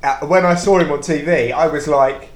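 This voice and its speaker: A man's voice: fairly high pitch, steady tone, moderate pace. A man from England hosting a casual podcast chat with a dry, teasing wit. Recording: roomy sound.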